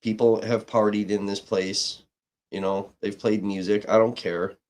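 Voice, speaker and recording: A man's voice: fairly low pitch, little pitch movement, unhurried, a little mellow. A man live-streaming, telling a rambling, heated story in casual chat, swearing freely and restarting his sentences. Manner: heated, profane, with frequent restarts.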